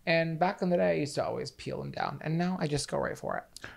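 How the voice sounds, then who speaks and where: A man's voice: fairly high pitch, quick pace, gravelly. A man co-hosting a casual chat podcast, ranting bluntly with profane humor. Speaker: podcast co-host. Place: New York City.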